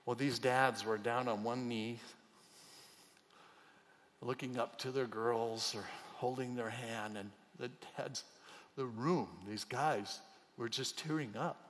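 A middle-aged man preaching a sermon as a pastor, emotional, moving between soft, hushed passages and loud, emphatic outbursts. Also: medium pitch, fairly even intonation, slow. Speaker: pastor and chaplain. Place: church hall. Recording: long hall reverb.

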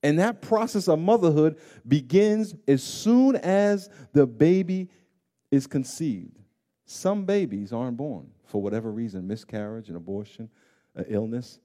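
A male pastor with a mellow, warm voice preaches a heartfelt sermon. He drops to a hushed, close tone, then rises to loud, pleading emphasis, and he repeats key phrases for weight. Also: fairly high pitch, lively intonation, unhurried. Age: adult parent of grown children.

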